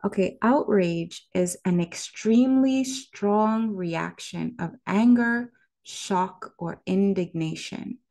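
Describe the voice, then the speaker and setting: A woman vlogger giving a reflective word-of-the-day talk, speaking directly to the viewer in a measured way. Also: medium pitch, a little mellow.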